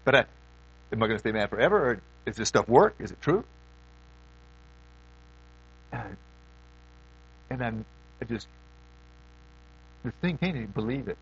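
A middle-aged man preaching a sermon in a folksy way, swinging between loud questions and hushed asides. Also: mid-range voice, animated, unhurried, pauses often, lo-fi sound.

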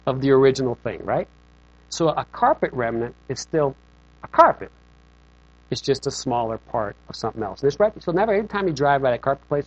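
A man's voice: medium pitch, no room sound. A man preaching a sermon as pastor, in a conversational, joking way, often checking in with "okay?". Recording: dull lo-fi recording.

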